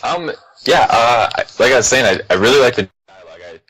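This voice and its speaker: A man's voice: medium pitch, expressive, a little fast, a bit bright, poor audio. A young man co-hosting a casual film chat, laid-back, with many fillers and laughs between thoughts. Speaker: podcast co-host.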